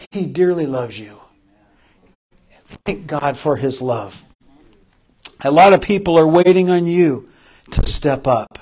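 A pastor delivers a sermon in a voice a little high for a man, with a breathy edge. He goes slowly, leaving space between phrases, repeating lines for emphasis and shifting from loud calls to soft, tender words.

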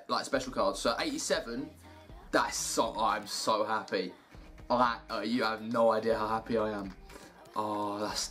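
A young man giving casual commentary over gameplay, muttering to himself and cheering loudly at good results. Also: medium pitch. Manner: excitable, shouts and cheers at good packs. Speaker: gaming YouTuber.

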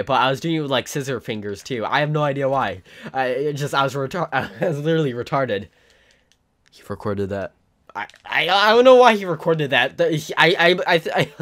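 A man's voice: mid-range voice, fairly bright tone. A teenage boy telling a rambling, self-mocking story in a casual vlog. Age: teens. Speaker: YouTuber.

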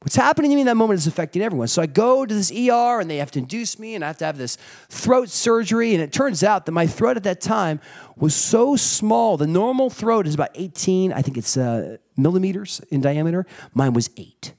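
A middle-aged man preaching a sermon, telling a story with animated energy and acting out family members. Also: sits high, a little fast. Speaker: pastor.

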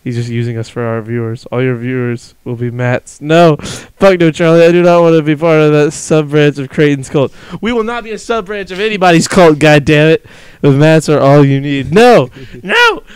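Smooth, higher-voiced joking male podcaster. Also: normal speed, hardly any pauses, no echo. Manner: joking, swears a lot, laughs often. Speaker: podcast host and streamer. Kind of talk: casual chat.

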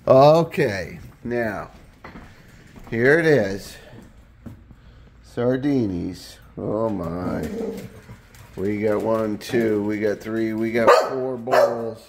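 A man's voice: on the low side, extremely slow, long pauses, background noise. Man cooing baby talk at his dogs. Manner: coos and voices the dogs' thoughts in silly baby talk. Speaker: dog owner filming his pets. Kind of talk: playful baby talk to pets. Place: home, feeding dogs.

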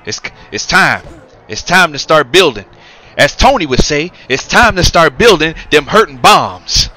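A man's voice: on the high side, sing-song, a little slow, sharp tone, heavily acted. A man voicing a cocky heavyweight boxer, commentating a game in character with taunting, rhyming trash talk. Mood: scheming. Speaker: gaming commentator.

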